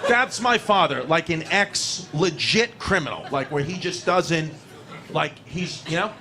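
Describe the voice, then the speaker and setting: A man in his thirties with a New York accent tells a comic story, swearing freely and laughing through his own punchlines. His voice sits a little high for a man. The recording carries clear background noise. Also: unhurried. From New York City. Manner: profane, rambling, laughing through his lines. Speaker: comedian. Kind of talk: comedic storytelling. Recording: noisy played-back recording.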